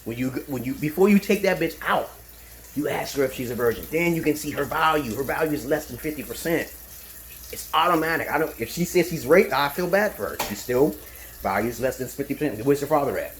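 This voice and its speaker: Man, slightly high voice, swearing and ranting off the cuff, faint background hum. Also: animated, a little fast. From Brooklyn, New York. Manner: profane, ranting, emphatic. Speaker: self-styled dating advisor. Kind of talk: unscripted monologue.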